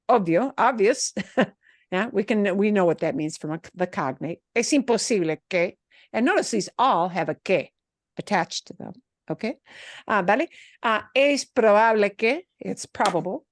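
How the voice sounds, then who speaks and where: A woman teaching a class, patiently explaining and rephrasing, slipping in short Spanish phrases with a chatty, lively manner. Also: mid-range voice, normal speed, dry recording, studio quality.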